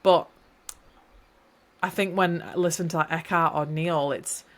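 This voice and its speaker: A woman with a slightly low voice talks through her thoughts on a solo podcast. She rambles warmly and encourages the listener, restarting sentences as she goes. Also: fairly even intonation, a little slow. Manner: rambling, encouraging, self-correcting. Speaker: podcast host. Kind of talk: reflective solo podcast talk.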